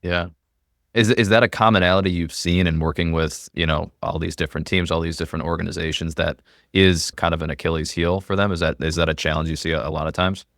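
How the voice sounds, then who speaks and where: A deep, gravelly man hosting an interview who fires off his questions quickly. The sound is dry and close. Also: steady tone, a bit bright, no room sound. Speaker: podcast host.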